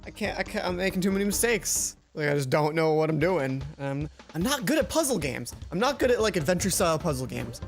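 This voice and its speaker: A man with a slightly higher voice talks through a video game in loose, rambling commentary. He gets excitable as he explains things. Clear game music plays under him the whole time. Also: quick pace, few pauses. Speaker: co-host of a gaming video series. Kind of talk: casual gaming commentary. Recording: game music playing behind.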